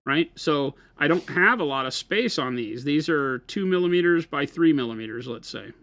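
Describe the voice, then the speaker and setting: A man's voice: on the high side, lively intonation, normal speed, fairly bright tone, no room sound. A man co-hosting a hobby live stream, patiently explaining technique and checking with "right?" as he goes. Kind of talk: casual live-stream chat and painting tips.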